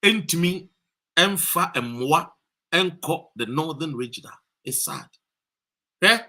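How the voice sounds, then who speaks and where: A Ghanaian man livestreaming from a street demonstration, rousing viewers with repeated calls and shout-outs. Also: on the high side, expressive, slow pace. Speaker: activist streaming a demonstration. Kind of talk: live-streamed rally talk.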